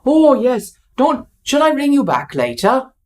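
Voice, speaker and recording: An apologetic, overly polite male tax clerk with a shaky Welsh accent, as a woman puts him on and a lively, bouncing pitch. Fussy and anxious to please, he keeps saying sorry. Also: measured pace. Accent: Welsh, put on badly.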